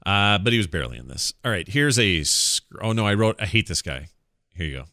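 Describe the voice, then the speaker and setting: A man's voice: fairly low pitch, lively intonation, a little fast, pushed and bright, no room sound, clean studio sound. A man hosting a podcast, riffing loosely and jokingly about a movie. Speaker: podcast host. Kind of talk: casual movie commentary.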